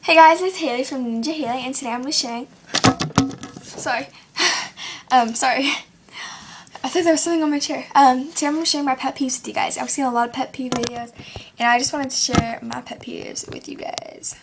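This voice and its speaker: Teen girl vlogger, high bright voice, rambling home rant to camera, full of fillers. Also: steady tone, fairly quick, very noisy. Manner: rambling, filler-heavy, acts out quoted people. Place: at home, seated in a chair. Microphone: self-recorded camera.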